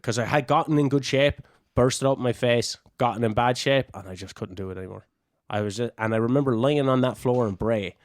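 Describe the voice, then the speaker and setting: A man's voice: mid-range voice, no echo, clean studio sound. Irish man telling swear-laced stories. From Ireland. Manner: swears freely, animated anecdotes. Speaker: podcast guest, wrestler. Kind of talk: casual storytelling.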